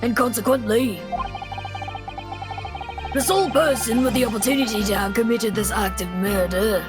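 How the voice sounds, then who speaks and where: A woman reading courtroom dialogue from a game aloud in a measured, formal way. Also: a little high, over music.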